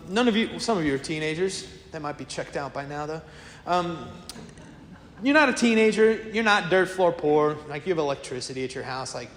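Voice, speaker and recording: A man preaching a sermon as a priest, telling stories in a lively, conversational way. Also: on the high side, a little hiss or hum. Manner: lively storytelling, acts out quoted voices; casual, conversational preaching to a congregation. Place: church. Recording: echoey church with long reverb.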